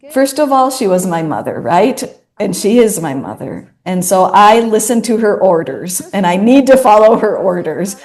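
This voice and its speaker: A woman's voice: mid-range voice, darkish tone. A woman in her thirties giving an earnest inspirational talk, repeating phrases for emphasis. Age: 30s. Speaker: speaker.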